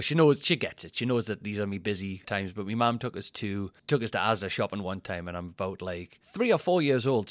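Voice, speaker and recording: A man's voice: lowish voice, dry recording. A man, telling rambling, self-mocking stories on his podcast and laughing at his own jokes. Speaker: comedian and podcast host. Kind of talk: casual anecdotal chat.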